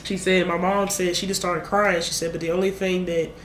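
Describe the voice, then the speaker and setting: A woman's voice: on the low side, brisk, slight background noise. A young woman, retelling a story in a casual, rambling way and acting out her own lines. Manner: animated, rambling retelling with acted-out quotes. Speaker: vlogger. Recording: echoey room.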